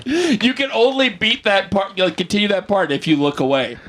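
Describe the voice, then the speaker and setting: A man's voice: high-pitched, big pitch swings, normal speed, background noise. A man chatting casually on a podcast, laughing often and acting out characters as he tells stories. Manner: laughs often, acts out game characters in quotes. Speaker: podcast host. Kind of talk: casual chat.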